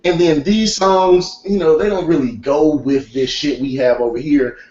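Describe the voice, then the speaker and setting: A man's voice: on the high side, steady tone, moderate pace, a little mellow. A man on a casual hip hop podcast, talking frankly and at length, swearing and teasing the others. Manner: frank, profane, rambling, teasing. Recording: echoey lo-fi room mic with faint noise.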